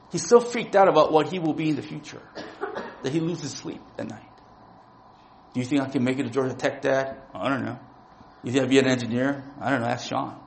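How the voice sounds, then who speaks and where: A man's voice: high voice, creaky, slight background noise, low-quality recording. A man in his forties preaching a sermon in a casual, talky way, often asking "right?" to the listeners. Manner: conversational, keeps asking "right?". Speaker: preacher and lawyer.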